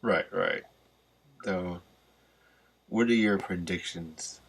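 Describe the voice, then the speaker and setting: Young man, very deep voice, gravelly fry, laid-back podcast host asking questions. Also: slow pace, fairly bright tone, slight background noise. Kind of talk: casual podcast chat.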